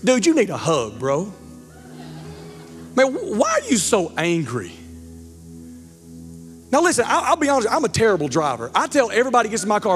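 A man, preaching a sermon as pastor, animated and joking, stumbling over words. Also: high voice, moderate pace, long pauses. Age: 40s. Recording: church hall reverb with faint music.

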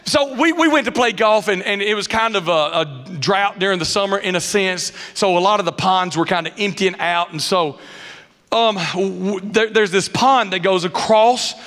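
High-voiced preacher in a reverberant hall. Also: male voice, normal speed. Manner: animated storyteller, dialect grammar, acts out quotes. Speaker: pastor. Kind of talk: sermon with humorous personal stories. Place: church sanctuary.

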